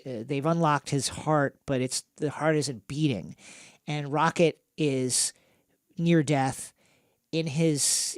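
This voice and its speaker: Male podcast host, gravelly voice, dry studio sound, animated recap chat. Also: on the high side, no room sound. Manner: animated storytelling with fillers. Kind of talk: casual film recap chat.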